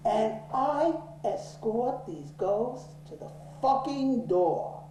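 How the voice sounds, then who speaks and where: A man telling a story in an interview, swearing freely and getting worked up and loud when angry. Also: extremely high pitch, animated, takes it slowly, hardly any pauses, slight background noise. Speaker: interviewee, office owner. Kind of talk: profane, animated storytelling in an interview. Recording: roomy echo.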